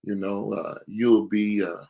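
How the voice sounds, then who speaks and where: Gravelly low-voiced man telling his story. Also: fairly even intonation, slow, mellow. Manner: earnest, folksy storytelling with fillers. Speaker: student minister, guest. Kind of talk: storytelling interview testimony.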